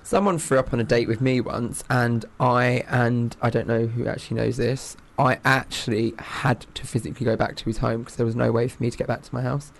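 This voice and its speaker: A man's voice: mid-range voice, level tone, a little fast, gravelly, hardly any pauses. A man co-hosting a podcast, teasing and prodding with a chatty, filler-heavy manner. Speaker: podcast co-host. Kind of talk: candid casual chat.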